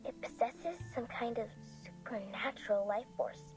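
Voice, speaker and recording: A frail, soft-spoken woman on a game's phone line, voiced by an actress. She speaks politely and in measured phrases, her pitch a touch high. Game music plays faintly behind. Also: natural voice. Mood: hushed.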